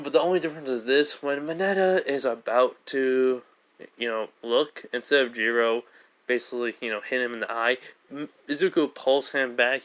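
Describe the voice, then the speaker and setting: A man's voice: mid-range voice, fairly bright tone, clear, resonant tone. A man casually retelling a fan story, rambling with many fillers and self-corrections.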